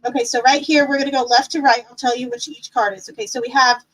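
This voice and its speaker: A woman's voice: sits high, steady tone, fast, a bit bright, rough recording. A woman teaching a casual live-stream tarot class, upbeat and encouraging, chatty with fillers.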